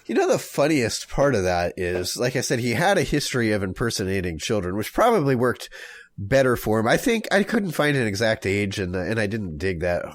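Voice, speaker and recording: Co-hosting a casual comedy podcast, a man with a lowish voice tells a rambling, jokey story and acts out people in quick voices. He's very animated throughout.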